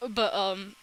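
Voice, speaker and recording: Woman ranting loosely at her webcam, sharp bright voice, lots of swearing. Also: mid-range voice, low-quality recording. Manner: rambling, profane, quick asides. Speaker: reaction vlogger. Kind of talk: casual reaction chat.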